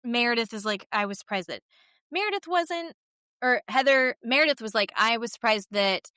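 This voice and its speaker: Woman co-host, bright higher voice, dry close mic, animated gossip recap with restarts. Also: normal speed, clean tone, no echo. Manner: animated retelling, acts out quotes, frequent restarts. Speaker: podcast co-host. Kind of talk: casual chat recapping reality TV.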